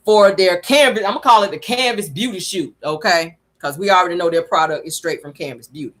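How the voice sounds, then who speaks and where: A woman's voice: lowish voice, fairly quick, fairly bright tone. A woman hosting a reality-TV recap show, talking in a sassy, wisecracking way.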